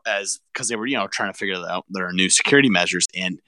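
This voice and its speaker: A man's voice: low-pitched, background noise. A man hosting a podcast, blunt and swearing in casual chat. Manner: blunt and swearing, quick to laugh. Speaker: podcast host.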